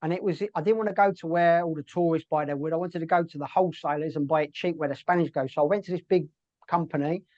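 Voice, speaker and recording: A man's voice: a little high, darkish tone, dry recording, lo-fi sound. A middle-aged British man telling stories in a casual interview, full of fillers and restarts. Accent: British English. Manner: chatty storyteller, many fillers and restarts. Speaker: interview guest.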